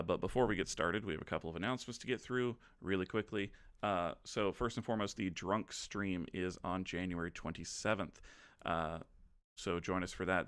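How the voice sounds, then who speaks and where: A very low-voiced man who hosts and runs the game. He reads out announcements casually, with plenty of ums and loose restarts. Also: a bit bright, smooth, no echo, studio quality. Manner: chatty, loose, many ums. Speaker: game master and host.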